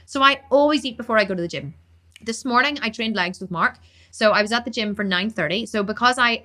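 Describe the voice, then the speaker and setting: A woman fitness coach and bodybuilder answering questions on a casual live stream, talking very fast, energetic and emphatic, repeating words for emphasis. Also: mid-range voice.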